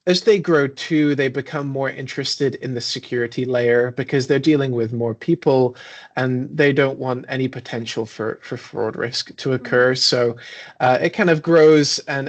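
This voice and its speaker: A man's voice: medium pitch, moderate pace. A man talking casually as a guest on a webinar call, easygoing and chatty, with frequent fillers. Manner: relaxed, conversational, with frequent fillers and laughs. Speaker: software company guest.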